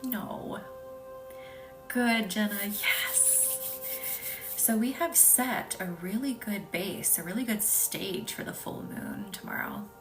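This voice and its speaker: A woman with a Midwestern accent, hosting a live reiki session, chatting and reading out viewer comments, sometimes dropping into a soft whisper. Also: mid-range voice, slow pace. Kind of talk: live-stream chat with viewers. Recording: distant mic with faint music behind.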